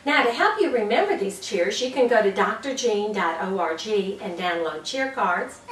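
Lively woman teaching classroom cheers. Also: medium pitch, echoey room, distant mic, poor audio. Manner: bouncy, with whoops and sound effects. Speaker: early childhood teacher trainer.

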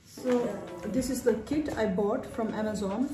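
A woman's voice: medium pitch, unhurried, hardly any pauses, echoey room, loud music behind the voice. A woman from a Tibetan family raised in India, chatting casually in a home vlog, repeating words as she soothes her dog. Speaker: vlogger.

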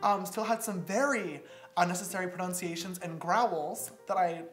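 A man's voice: high-pitched, moderate pace, fairly bright tone, soft background music. Sarcastic young man in a roomy echo. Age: young adult. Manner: sarcastic and self-mocking, often laughing. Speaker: YouTuber reacting to his old videos. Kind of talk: reaction commentary.

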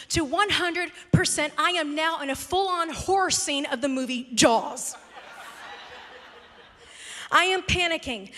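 A woman pastor preaches with a high, bright, ringing voice. She tells her story animatedly and pokes fun at herself. Her voice carries a long reverb from a large church hall. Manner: animated, self-mocking storytelling. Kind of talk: storytelling sermon. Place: church sanctuary.

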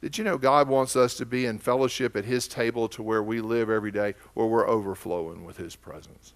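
A man's voice: medium pitch, fairly even intonation, brisk. A man with an Oklahoma accent preaching a sermon as pastor, telling stories in a folksy, conversational way.

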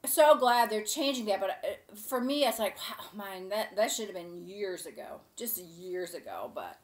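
A woman's voice: medium pitch, animated, a little slow. A woman hosting a casual cooking show, chatting to camera in a gushing, rambling way.

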